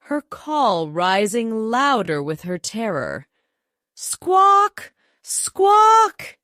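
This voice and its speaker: A woman telling a storybook fable for English learners at a very slow, careful pace. Her voice moves through lively rises and falls, and the recording is dry and close with no room sound. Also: on the low side, no echo. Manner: slow, clear and expressive.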